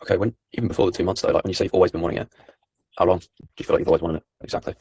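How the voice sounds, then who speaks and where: Deep-voiced, fast-talking young salesman. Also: a little hiss or hum. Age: 20s. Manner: calm, persistent, keeps turning answers into questions. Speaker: sales closer. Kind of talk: sales call conversation.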